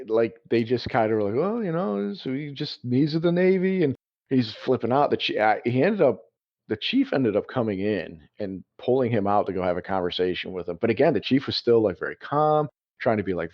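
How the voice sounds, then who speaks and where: Man, low voice, casual podcast chat, storytelling, dull lo-fi sound. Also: fairly quick. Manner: storytelling, animated with laughs. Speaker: podcast co-host.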